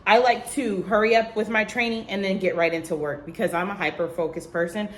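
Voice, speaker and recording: A young woman vlogging to the camera in casual chat, telling a lively story and acting out what others said in a higher voice, checking in with "okay?" as she goes. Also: fairly quick. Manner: animated storytelling, acts out quotes in a high voice; talks straight to viewers, tags lines with "okay?" and "girl".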